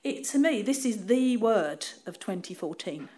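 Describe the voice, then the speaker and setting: Lively Cockney woman preaching. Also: mid-range voice, measured pace. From East End of London. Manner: lively, laughing, self-deprecating storytelling. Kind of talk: informal sermon.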